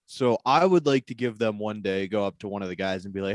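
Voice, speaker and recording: A man guesting on a comedy podcast, telling a prank idea in a deadpan way over a video call. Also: on the low side, fast talker, few pauses, no room sound. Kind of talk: casual chat.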